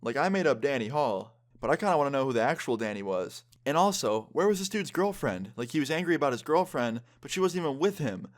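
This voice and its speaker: A young man telling a story casually, with lots of swearing and filler. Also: medium pitch. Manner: fast, animated, lots of swearing and "like". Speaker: vlogger.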